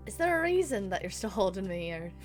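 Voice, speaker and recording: A woman's voice: medium pitch, very animated, fast, faint music behind. A woman playing a tabletop game, chatting casually, swearing freely, laughing often and thinking aloud.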